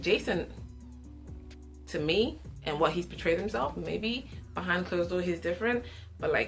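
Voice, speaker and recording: A young woman giving an opinionated, sassy casual review of a reality show, with animated asides. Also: lowish voice.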